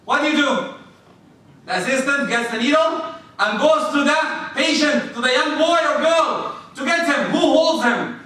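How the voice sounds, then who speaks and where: A man preaching a sermon in a mosque, animated, acting out little scenes and putting questions to his listeners. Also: extremely high pitch, a little slow. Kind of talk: sermon to a congregation. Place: mosque prayer hall. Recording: echoey hall, distant mic.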